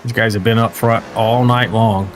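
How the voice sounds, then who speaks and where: Faint music and race car engine noise sit behind a man whose low, steady voice moves at normal speed. He's doing conversational live play-by-play of a simulated stock car race, reading viewer chat aloud and tossing in jokes.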